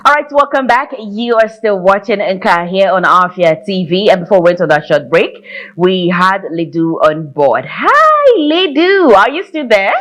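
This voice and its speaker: A woman hosting a music talk show in a TV studio, lively and quick to laugh, with effusive welcomes. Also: fairly low pitch. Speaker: TV show host.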